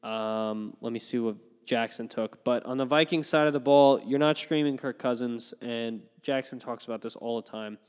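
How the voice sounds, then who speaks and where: A man in a casual fantasy football chat, opinionated and animated, with filler ums and yawns between points. His voice is smooth and resonant, and it carries a long reverb. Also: medium pitch, normal speed, hardly any pauses. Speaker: fantasy football podcast host. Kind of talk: casual sports analysis chat.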